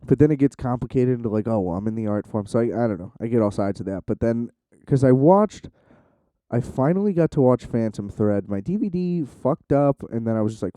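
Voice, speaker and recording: A man's voice: medium pitch, animated, a little fast, mellow, smooth, dry recording. A young man rambling casually to the camera in a loose, profane way, with lots of "like" and restarts. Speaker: vlogger.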